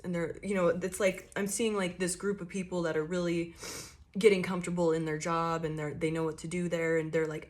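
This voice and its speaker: A woman's voice: lowish voice, little pitch movement, fairly quick, darkish tone. A young woman giving a casual tarot reading, talking loosely and swearing freely as she acts out what her listeners might be thinking. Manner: loose, chatty and profane, acting out inner monologues. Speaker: tarot reader.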